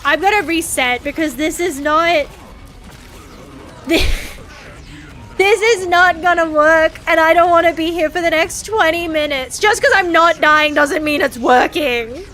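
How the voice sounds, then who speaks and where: A woman's voice: very high voice, measured pace, pushed and bright, a little hiss or hum. A woman streaming a game in casual chat, dramatic and whiny, swearing freely as she talks.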